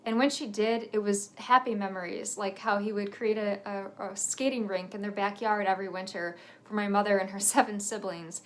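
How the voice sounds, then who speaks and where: Woman in her 30s telling her own story, earnest and reflective, mid pitch, lets out little nervous laughs. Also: fairly even intonation, normal speed, few pauses. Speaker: author sharing a personal story.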